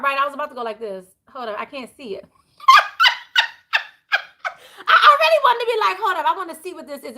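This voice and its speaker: Lively, bright-voiced woman reading tarot. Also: sits high. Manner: animated, preachy, speaks straight to viewers; frequent laughter and exclamations. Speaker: tarot reader.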